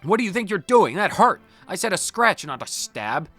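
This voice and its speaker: A man's voice: high-pitched, sing-song, moderate pace, fairly bright tone, soft background music, voice pushed up, heavily acted. A man voicing a pompous, fussy old male teacher who talks in old-fashioned exclamations.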